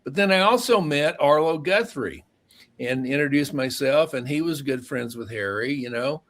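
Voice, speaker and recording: A man's voice: mid-range voice, animated, moderate pace, fairly bright tone. An older man, a podcast guest, telling a rambling personal story in a casual way, laughing at his own tale and acting out the lines of the people in it. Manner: acts out quoted dialogue.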